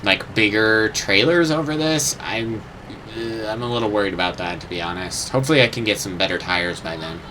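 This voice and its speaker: A man's voice: on the low side, fairly quick, noisy background. A young man chatting casually over his gameplay, rambling and unsure, swearing now and then and humming little sound effects. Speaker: gamer.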